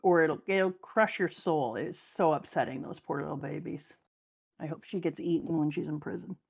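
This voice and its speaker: Chatty, animated woman guest on a live stream, laughs a lot. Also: low voice, normal speed, gravelly, husky. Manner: animated storyteller, laughs often. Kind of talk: casual chat.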